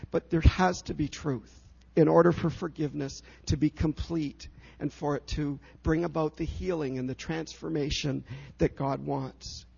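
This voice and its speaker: A slightly high-pitched man preaches a sermon in a gravelly, husky voice. He is earnest and emphatic, leaning into slow, stressed phrases. The recording sounds dull and lo-fi. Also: darkish tone. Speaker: pastor.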